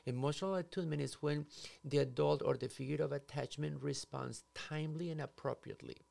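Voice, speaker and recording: A psychotherapist explaining ideas in conversation, acting out scenarios in quoted voices. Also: male voice, a little high, steady tone, fairly quick, creaky, darkish tone. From Latin America.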